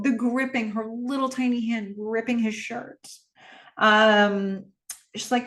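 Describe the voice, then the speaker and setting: A woman's voice: a little high, fairly even intonation, slow. A woman casually retelling a film's plot, chatty with lots of fillers and visibly moved. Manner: conversational with many fillers, emotional. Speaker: film recap host. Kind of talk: casual movie recap.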